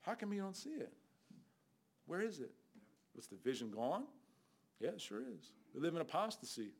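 An older man preaching a fiery Bible sermon as a guest preacher, scolding loudly and then dropping to low asides. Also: very animated, normal speed, breathy edge. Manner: loud, scolding, shifts between shouting and low asides.

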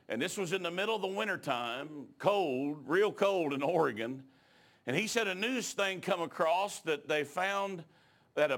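A high-pitched middle-aged man with a drawl delivers a sermon. He tells the story in a plain, folksy way, then climbs into loud, shouted exhortation. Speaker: preacher.

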